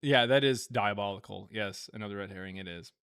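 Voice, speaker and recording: A man's voice: fairly low pitch, brisk, a bit bright, smooth. Rambling, chuckling live-stream host man. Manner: rambling, with many fillers and frequent chuckles. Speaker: live stream host reading viewer donations. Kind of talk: casual live-stream chat.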